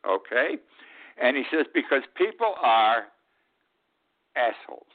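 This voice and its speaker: An older man from upstate New York hosts a radio talk show, delivering a blunt, sarcastic commentary monologue with drawn-out emphasis and frequent tag-ons of "okay?". His medium-pitched voice swings widely in pitch, and the audio is tinny and phone-like.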